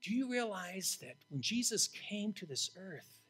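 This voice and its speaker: An older male pastor preaching with a high, bright, forceful voice. He is blunt and emphatic, swinging between loud declarations and hushed asides. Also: big pitch swings, measured pace, slightly rough. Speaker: interim pastor. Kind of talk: sermon.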